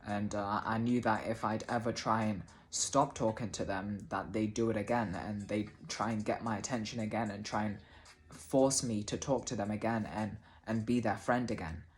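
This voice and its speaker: A man's voice: lowish voice, fairly even intonation, moderate pace. Hesitant man telling a personal story. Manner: hesitant, many restarts and fillers, casual swearing. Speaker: vlogger.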